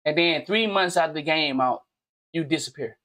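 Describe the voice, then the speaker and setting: Man, high-pitched voice, loud rant, slangy and profane, teasing, bursts of shouting. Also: normal speed. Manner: loud, animated, swings into shouting. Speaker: gaming channel host. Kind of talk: profane comedic rant commentary.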